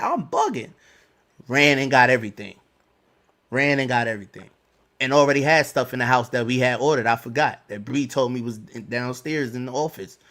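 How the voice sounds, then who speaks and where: A middle-aged man on a podcast, telling a personal story in casual, slangy talk, animated and laughing along. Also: mid-range voice. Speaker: podcast co-host.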